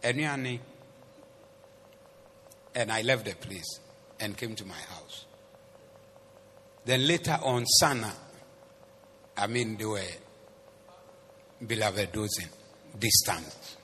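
A man preaching a sermon as the pastor. He switches between English and Twi phrases and swings from soft asides to loud, emphatic preaching. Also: lowish voice, lively intonation, slow pace, pauses often. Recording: long hall reverb with faint noise.

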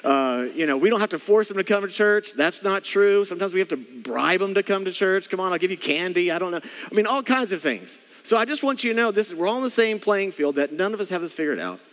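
A pastor in his thirties preaches in a loose, joking way and keeps calling out to the people in front of him. His voice sits high for a man. The sound has a long reverb tail, like a big church hall. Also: animated, a little fast, hardly any pauses, a bit bright. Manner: casual, joking, talks to the congregation directly. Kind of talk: sermon.

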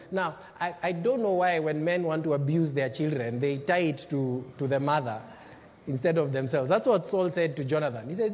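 Male pastor, high voice, preaching hard with dynamic swings; muffled recording, long church echo. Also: moderate pace. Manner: emphatic preaching, swinging from loud to hushed. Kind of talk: sermon. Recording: dull lo-fi sermon recording with long hall reverb.

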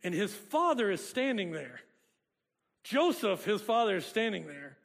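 A man's voice: sits high, big pitch swings, measured pace, vocal fry, a bit bright. A man preaching a sermon, joking and chatting with the congregation in a conversational way. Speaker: pastor. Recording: long hall reverb.

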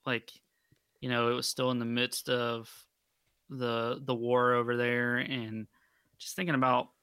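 A laid-back man co-hosting a movie podcast, cursing casually as he chats. His voice is bright and a little sharp, recorded close and dry with no room sound. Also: mid-range voice, little pitch movement, a little slow, clear, resonant tone, no echo. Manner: laid-back, swears freely. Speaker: podcast co-host. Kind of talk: casual movie-review chat.

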